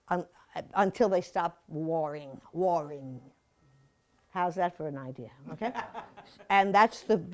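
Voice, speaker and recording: A woman's voice: medium pitch, darkish tone. A woman in her seventies giving a chatty, playful slide-show talk to a museum audience, full of asides and laughter. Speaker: guest speaker at a museum talk.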